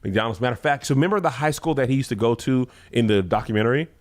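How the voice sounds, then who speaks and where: A man's voice: mid-range voice, racing. A man co-hosting a podcast in casual chat, joking and often cutting across his co-host. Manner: animated, joking, talks over his co-host.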